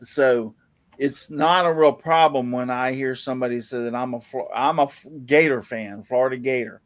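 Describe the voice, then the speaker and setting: A man's voice: medium pitch, steady tone, normal speed. A man hosting a casual panel chat, rambling and enthusiastic as he reacts to viewers' woodwork. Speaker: show host. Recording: live online panel show.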